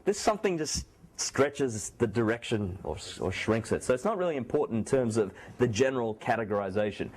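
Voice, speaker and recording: A man lecturing a university math class, his voice slightly sore, so he keeps it a bit quieter. His speech is relaxed and conversational, full of restarts and self-corrections as he works through examples. He sits at a middling pitch for a man. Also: brisk. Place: lecture hall.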